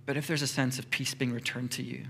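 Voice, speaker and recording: A middle-aged man preaching a sermon in a church, lively, acting out short everyday dialogues in quick voices. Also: mid-range voice, slight background noise. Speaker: pastor.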